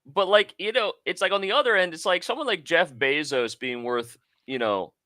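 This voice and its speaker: Animated, opinionated man in casual chat. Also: high-pitched, normal speed, dry recording, studio quality. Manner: animated, opinionated, laughs between points. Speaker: co-host.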